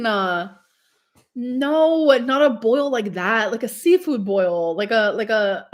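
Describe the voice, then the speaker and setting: A young woman streamer chats casually on a livestream, gushing over food and reading out the live chat. Her voice is on the high side and she takes it slowly, sounding chatty and effusive and saying "like" a lot.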